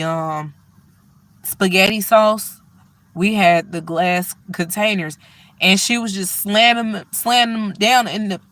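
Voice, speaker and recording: A woman tells stories in a blunt, profane, animated rant. Her voice is bright and sharp. She talks casually, like she is speaking straight to her viewers. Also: fairly low pitch. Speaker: vlogger.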